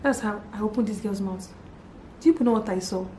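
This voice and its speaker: A Nigerian woman in her thirties telling a story to her vlog audience in a casual, animated and dramatic way. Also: mid-range voice, fairly quick. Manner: animated, dramatic retelling with exclamations. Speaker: vlogger. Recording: echoey room with faint background hum.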